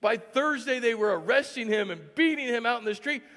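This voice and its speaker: A male pastor voicing an exasperated, grieving woman disciple who scolds her listeners in disbelief, her words climbing to a shout. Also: very high-pitched, brisk, long reverb tail, pitched above the performer's own voice. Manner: incredulous, rising to a shout.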